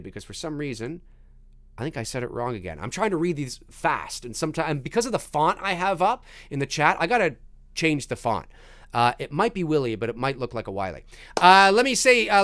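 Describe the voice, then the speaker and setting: Talkative man hosting a live chat, higher voice. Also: pushed and bright, no room sound. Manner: rambling, restarts often, reads chat questions aloud. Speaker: live stream host answering viewer questions; voice actor. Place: home recording studio.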